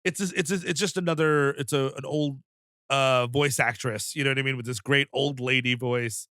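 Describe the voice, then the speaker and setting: Chatty, bright-voiced male podcast host. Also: mid-range voice, fairly even intonation, moderate pace, dry recording, clean studio sound. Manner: chatty, rambling, lots of fillers. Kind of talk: casual comedy film recap.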